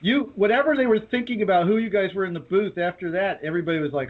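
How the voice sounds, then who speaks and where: A man's voice: sits high, quick pace. A male guest on a radio show, chatting casually and laughing as he tells his side of a story. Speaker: guest, beverage company founder. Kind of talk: casual interview chat. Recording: tinny phone line.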